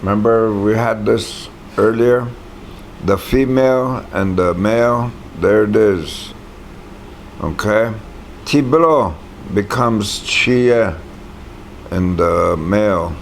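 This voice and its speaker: A man's voice: lowish voice, takes it slowly, gravelly, slight background noise. A man teaching a language class, patiently saying words aloud for the students to repeat.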